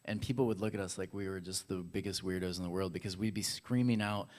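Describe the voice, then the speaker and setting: A man's voice: sits low, fairly even intonation, quick pace, darkish tone. A man preaching a casual, playful sermon in a church, talking straight to the congregation. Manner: playful, chatty, addresses the congregation directly. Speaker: pastor. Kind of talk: casual sermon with audience games. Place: church hall.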